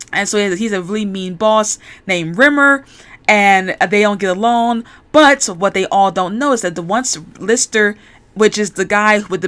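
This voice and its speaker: Rambling, excited woman recapping shows. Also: mid-range voice. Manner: rambling, enthusiastic, restarts often. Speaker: YouTuber. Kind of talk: casual chat, show recap.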